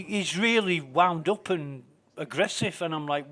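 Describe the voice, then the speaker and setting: A man chats while he plays a game, venting in a loose, rambling way with plenty of swearing. His voice sits a little high for a man. He sounds indignant as he goes from one grumble to the next. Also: a little slow, a bit bright. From Britain. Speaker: game streamer. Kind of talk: casual ranting commentary while gaming.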